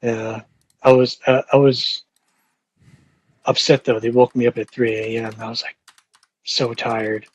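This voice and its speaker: A man's voice: medium pitch, little pitch movement, measured pace, long pauses, husky, dry recording, low-quality recording. A young man telling a rambling, profane story with lots of fillers and restarts in casual podcast talk. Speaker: podcast host.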